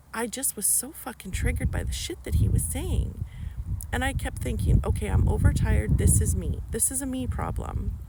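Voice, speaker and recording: A woman's voice: mid-range voice, gravelly, heavy background noise. A woman talking in an emotional personal vlog, angry and blunt, swearing often. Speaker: vlogger.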